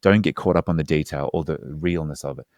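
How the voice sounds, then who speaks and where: Male therapist guest, low voice, earnest and explanatory, dry close-miked studio sound. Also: a little fast, darkish tone, no room sound. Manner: earnest, explanatory, slangy asides. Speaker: hypnotherapist guest. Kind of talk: casual podcast conversation.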